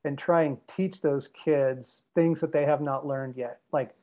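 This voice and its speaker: A man's voice: a little high, steady tone, unhurried, dull audio. A man speaking as a podcast guest, emphatic and repetitive with a preacher-like drive. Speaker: guest speaker on men's development. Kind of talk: podcast conversation.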